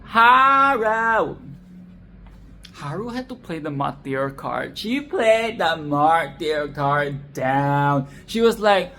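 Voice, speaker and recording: A woman's voice: deep voice, expressive, slow pace, pushed and bright, a little hiss or hum. A woman hosting a film commentary video, ranting in a profane, exasperated and sarcastic way. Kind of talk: casual solo film rant.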